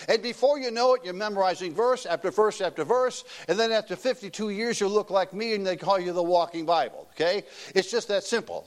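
An older man preaching a teaching sermon, emphatic and folksy, repeating his key points to the congregation. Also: high voice.

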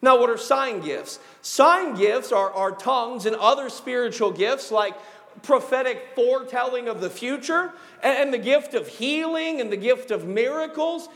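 A man preaching a sermon as pastor of his church, emphatic and methodical, laying out numbered points and slowing down to stress key words. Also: very high voice, a bit bright, in a large hall. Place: church sanctuary.

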